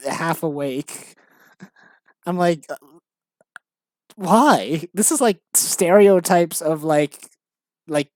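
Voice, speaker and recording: A woman's voice: low voice, darkish tone, no room sound. A dead-tired woman chatting casually late at night, giggly and self-mocking. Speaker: vlogger.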